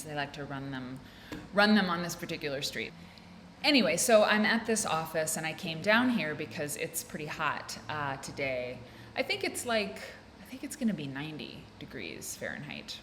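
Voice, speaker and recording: A woman's voice: sits low, fairly bright tone, slight background noise. An American woman hosting a casual solo chat, rambling and interrupting herself as she talks from an office room. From United States. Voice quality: rambling, chatty, self-interrupting. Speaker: podcast host. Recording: roomy echo with faint ambience.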